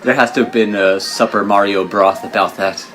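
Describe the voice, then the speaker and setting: A man's voice: on the low side, steady tone, moderate pace, fairly bright tone, rough recording. A man co-hosting a video game let's play, making dry, wisecracking asides in casual chat. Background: game music.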